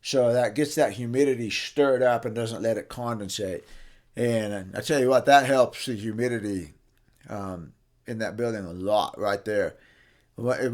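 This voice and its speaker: A man demonstrating guitar care in his workshop, in a casual how-to style. His voice sits at an ordinary middle pitch, and he talks in a folksy, chatty way, often stopping to rephrase. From New Mexico, US. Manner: folksy, chatty, self-correcting. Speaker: guitar repair teacher.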